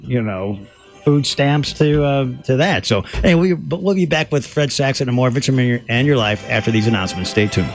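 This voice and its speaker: A man's voice: medium pitch, lively intonation, brisk, over music. Chatty male talk show host. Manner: chatty, prompting with questions. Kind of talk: radio talk show chat.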